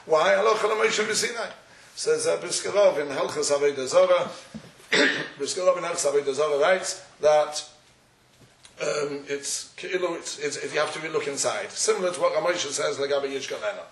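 A man's voice: on the high side, normal speed, fairly bright tone. A man giving a Talmudic lecture, posing questions and answering them in a study-hall cadence. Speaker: Torah teacher. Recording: echoey room, far from the mic.

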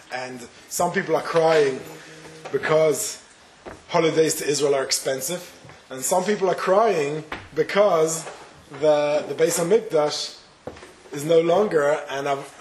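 A rabbi telling a parable and giving a spoken Torah lesson, with small hesitations. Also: male voice, fairly high pitch. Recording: roomy echo, faint noise.

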